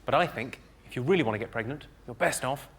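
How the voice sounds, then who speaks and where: A man from England's home counties, with a posh southern received-pronunciation accent, fires off stand-up one-liners in a clipped, deadpan style. His voice is medium-pitched and quick, and the live comedy venue recording picks up slight background noise and loud audience laughter.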